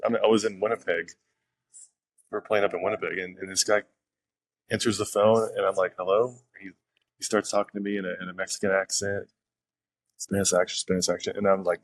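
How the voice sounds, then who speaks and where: A young man with a low, deep voice speaks casually as a podcast guest, rambling through his stories with frequent fillers and restarts. The recording is dry and close, with no room sound. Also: little pitch movement, fast talker, pauses often, dry recording. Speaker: professional pitcher, podcast guest. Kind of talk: casual interview storytelling.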